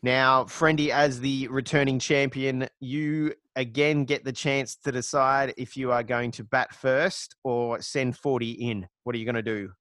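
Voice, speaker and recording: A man from Australia moderating a casual sports debate podcast in a brisk, refereeing manner. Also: medium pitch, steady tone, a bit bright, dry recording. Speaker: quiz moderator host.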